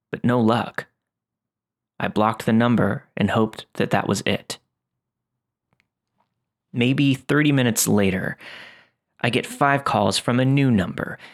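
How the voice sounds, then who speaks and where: A man reading first-person horror stories aloud in a steady, scripted narration. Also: lowish voice.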